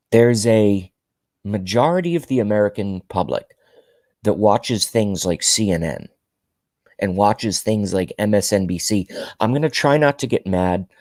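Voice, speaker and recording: A man's voice: low voice, a little mellow, dry recording. A man delivering a ranting political monologue to camera, emphatic and indignant, often repeating himself for effect. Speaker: political commentary vlogger.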